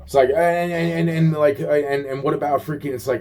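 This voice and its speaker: A man's voice: a little high, fairly even intonation, moderate pace, hardly any pauses, a little mellow, slight background noise. A man venting in a rambling casual monologue, agitated, profane and full of repeated fillers.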